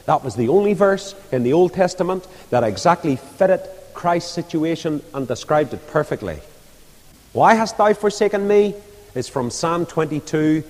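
A man's voice: a little high, lively intonation, moderate pace, few pauses, a little mellow. A man preaching an impassioned evangelistic sermon, rising to fervent appeals. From Northern Ireland. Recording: echoey hall with long reverb.

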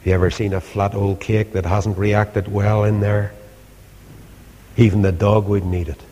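A man preaches with passion, dropping from loud pleading to hushed asides. He speaks slowly and deliberately. His voice rings with the long reverb of a big hall. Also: fairly low pitch, little pitch movement, slight background noise. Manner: impassioned, swings between loud pleas and hushed asides. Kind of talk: sermon.

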